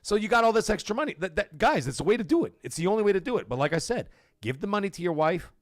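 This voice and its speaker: A man hosting a gaming livestream, ranting in a casual, animated way with big jumps in pitch and loud bursts, swearing freely. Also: racing, dry recording, clean studio sound.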